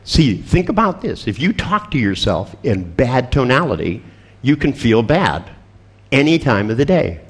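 A man's voice: medium pitch, sing-song, measured pace, breathy edge. Blunt, profane seminar storyteller man. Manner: blunt and profane, acting out client exchanges; wry, laughs at his own stories. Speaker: seminar presenter on therapy and coaching. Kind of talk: storytelling seminar talk to a live audience.

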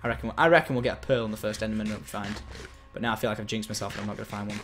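A man giving excitable live gameplay commentary as a game streamer, chatting with and thanking his viewers. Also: fairly low pitch, rapid-fire, hardly any pauses, soft background music.

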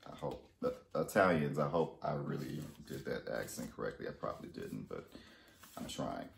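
A deep-voiced man with a gravelly edge tells a casual unboxing story for his vlog. His pitch bounces all over, jumping from loud exclamations to muttered asides. He was recorded in an echoey room with a little background noise. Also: animated, normal speed. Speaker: fashion haul vlogger.

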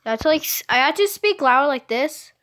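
A woman casually narrating her own video game play, chatty and excitable, rambling with lots of fillers, recorded at home. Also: sits high, fairly quick, a little hiss or hum. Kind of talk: casual gameplay commentary.

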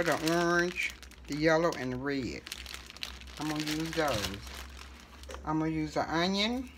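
A middle-aged woman hosting a casual home cooking tutorial, talking in a relaxed, chatty way with fillers and self-corrections. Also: sits low, noisy background. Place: home kitchen.

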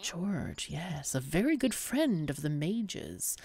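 A pompous male mage from a video game, as a woman puts him on, lofty and theatrical, with old-fashioned turns of phrase. His pitch swings widely and his delivery is slow and deliberate, over faint music. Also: big pitch swings, a little mellow, exaggerated voice. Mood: scheming. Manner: archaic theatrical speech.

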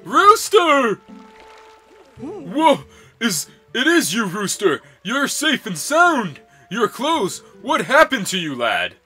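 A man voicing an excitable village man who shouts his lines. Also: extremely high pitch, takes it slowly, slightly rough, soft background music, pitched above the performer's own voice, exaggerated voice. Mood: overjoyed. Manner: shouting, exclamatory.

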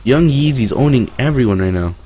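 A man's voice: mid-range voice, animated, crowd noise. A young man streaming a shooter game, swearing and raging at his own play in casual chat. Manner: swears a lot, quick to rage.

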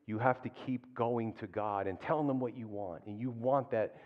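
A man preaching a sermon as a pastor, in a conversational way, often tagging his points with questions and animated asides. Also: lowish voice, moderate pace. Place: church hall. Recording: dull sound with long hall reverb.

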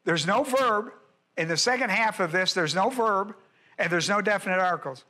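A man's voice: sits high, normal speed, sharp tone. A male pastor teaching a Bible lesson verse by verse, emphatic and repeating key phrases as he quizzes his listeners.

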